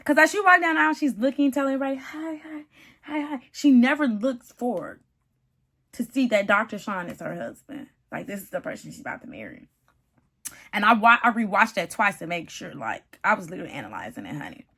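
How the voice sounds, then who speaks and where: A woman giving a casual, animated reality-TV recap, chatty and calling the viewer "honey" and "baby". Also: mid-range voice, quick pace, vocal fry. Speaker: TV show reviewer.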